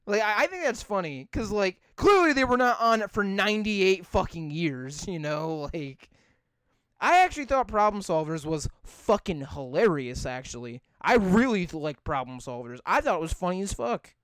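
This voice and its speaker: A young man with a high, clear voice rambles through a podcast chat, swearing freely and packing his talk with "like." The sound is dry and close to the mic. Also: big pitch swings, normal speed, a bit bright, dry recording. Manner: rambling, swears a lot, many "like" fillers. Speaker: podcast co-host. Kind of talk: casual profane chat.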